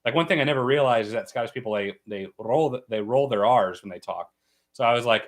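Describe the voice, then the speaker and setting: A man's voice: mid-range voice, fast. A man from the United States hosting a casual livestream, explaining at length with plenty of fillers and restarts. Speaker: livestream host.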